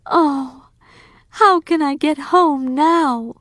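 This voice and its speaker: A woman's voice: extremely slow, fairly bright tone, no room sound, studio quality, heavily acted. A woman voicing a young girl who pleads to go home, in a raised, eager voice. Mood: pleading. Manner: high and pleading.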